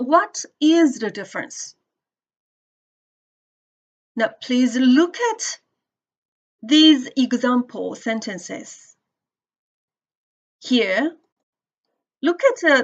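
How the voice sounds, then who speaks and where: A woman teaching English pronunciation to a class, explaining slowly and checking in with students as she goes. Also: high-pitched, animated, highs cut off. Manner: slow, deliberate explaining with questions to the class. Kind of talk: classroom lecture.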